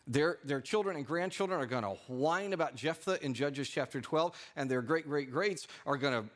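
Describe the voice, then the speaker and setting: A man's voice: fairly high pitch, normal speed, fairly bright tone. A male pastor preaching a sermon in a church, talking animatedly and lifting his voice for asides and quoted lines. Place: church sanctuary.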